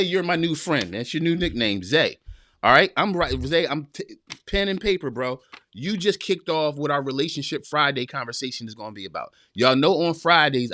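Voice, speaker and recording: Man, podcast host, animated, preachy, direct to viewers, dry close sound. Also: medium pitch, no room sound. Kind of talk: live-stream podcast talk, reading chat.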